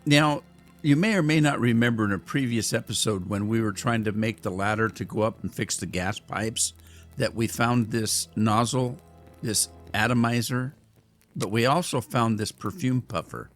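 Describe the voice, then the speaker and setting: A man's voice: medium pitch, normal speed, fairly bright tone, faint music behind. A man giving casual, joking commentary over a game walkthrough. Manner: joking, chatty. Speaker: gaming YouTuber.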